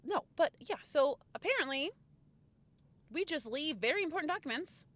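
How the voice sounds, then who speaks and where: A woman's voice: high-pitched, expressive, moderate pace, fairly bright tone, dry recording. A woman in her thirties co-hosting a casual podcast, blunt and swearing freely. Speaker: podcast co-host. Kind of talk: casual chat.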